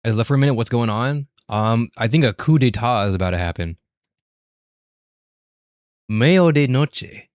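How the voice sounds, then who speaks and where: A man's voice: medium pitch, animated, fast, hardly any pauses, smooth, no room sound, studio quality. A man streaming live, reading a game story and chatting casually with his viewers, joking and swearing as he repeats words aloud.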